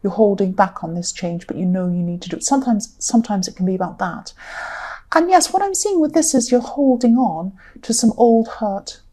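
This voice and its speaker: A tired woman with a croaky voice, giving a rambling tarot reading and repeating herself often. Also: mid-range voice, lively intonation, a little fast, mellow. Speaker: tarot reader.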